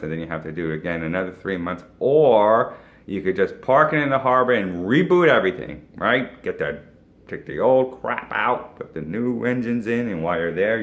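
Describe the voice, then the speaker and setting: A man's voice: fairly low pitch, fairly bright tone. An advertising agency owner giving a casual, folksy business pep talk, tagging his points with "right?" and chuckling now and then. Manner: folksy, keeps asking "right?", boat metaphors, chuckles.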